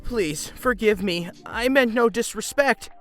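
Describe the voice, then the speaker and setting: A man's voice: sits high, unhurried, faint music behind, pitched above the performer's own voice. A man voicing himself in a put-on crying voice, whimpering and begging. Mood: mock pleading. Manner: fake crying, whimpering pleas. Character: man faking tearful pleading on the phone.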